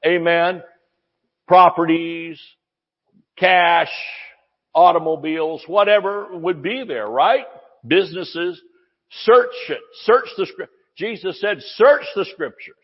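A man preaching a sermon in a church, excitable and exclamatory, asking the congregation rhetorical questions. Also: high voice, slow. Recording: muffled sound in a reverberant hall.

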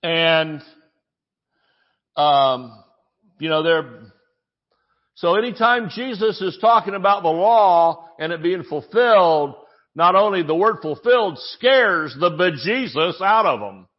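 A male pastor delivering a sermon in a loose, chatty way, stumbling over restarts and breaking into jokes. His voice sits a little higher than most men's, and the recording sounds dull and muffled. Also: animated, slow. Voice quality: conversational, joking, many restarts.

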